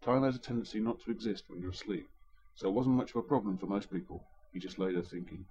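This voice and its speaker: A man narrates a story with dry, wry humor at a quick clip. His voice is low and dark. The recording sounds dull and muffled. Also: slight background noise.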